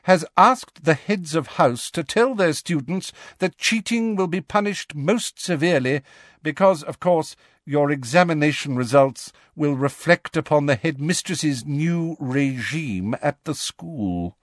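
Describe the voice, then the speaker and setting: A man voicing a strict elderly female professor, speaking in a crisp, measured, formal way. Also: fairly high pitch, expressive, dry recording, clean studio sound, voice pushed up. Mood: stern.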